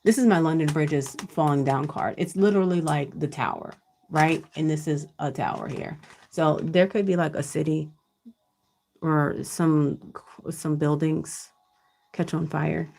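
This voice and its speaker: A woman's voice: deep voice, measured pace, creaky, a little mellow, slight background noise. A woman giving a casual live tarot reading from home over her computer, chatty, checking in with viewers and cussing now and then. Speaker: tarot card reader. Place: at home with her child nearby.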